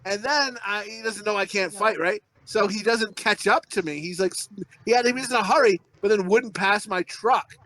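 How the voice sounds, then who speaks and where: High-voiced profane middle-aged storyteller man. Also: moderate pace, fairly bright tone. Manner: profane, rambling, self-mocking. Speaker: podcast co-host. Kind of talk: casual storytelling.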